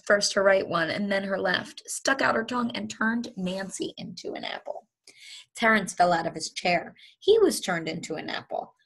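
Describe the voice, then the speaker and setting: A woman teacher reading a children's storybook aloud to her students, in a lively, expressive way. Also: medium pitch.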